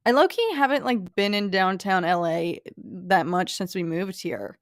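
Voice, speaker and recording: A young woman chatting casually with her viewers, animated and full of fillers. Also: mid-range voice, moderate pace, no room sound, studio quality. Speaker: streamer answering chat. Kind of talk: casual chat.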